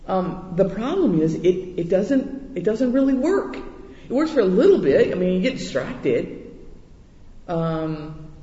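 A man delivers a conversational sermon in a high, animated voice, often restarting words as he goes. The sound carries a long reverb from a large hall and comes through dull and muffled. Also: slow. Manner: chatty, self-deprecating, restarts words often. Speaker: preacher.

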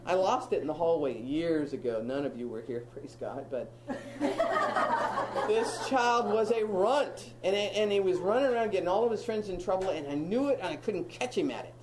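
A woman's voice: lowish voice, animated, normal speed, very noisy. Emphatic woman teaching a Bible study. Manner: emphatic, repeats phrases, humorous asides. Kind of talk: teaching talk to a group.

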